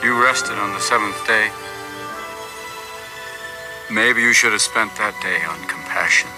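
A man's voice: fairly low pitch, unhurried, music in the background, lightly acted. A man playing a bitter grieving doctor. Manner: bitter, sardonic. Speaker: film character. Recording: film audio with score behind.

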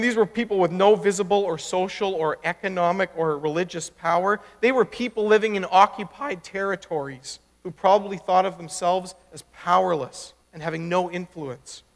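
High-voiced pastor preaching in a reverberant hall. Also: male voice, a little fast. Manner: animated and conversational, rising sharply for emphasis. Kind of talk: sermon. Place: church sanctuary. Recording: long reverb of a large church hall.

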